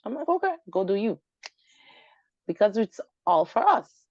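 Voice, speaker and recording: A woman guest on an interview tells a personal story with animation, acting out the quoted dialogue. Her mid-range voice moves at a measured pace, captured in a dull, lo-fi, dry recording.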